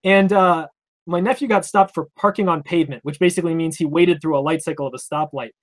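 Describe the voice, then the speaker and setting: Fast-talking young man telling stories. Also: on the high side. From Vermont. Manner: rambling, animated, acts out quoted cops. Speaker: interview guest. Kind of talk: casual storytelling.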